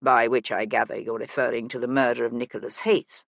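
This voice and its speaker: Narrator doing a calm wry lord detective, even and dry, close dead sound. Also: male voice, mid-range voice, a little fast, vocal fry, no echo, dull audio, pitched below the performer's own voice, close to an everyday voice. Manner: calm, even, dryly ironic. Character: cool, wry aristocratic male detective. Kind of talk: audiobook character voice.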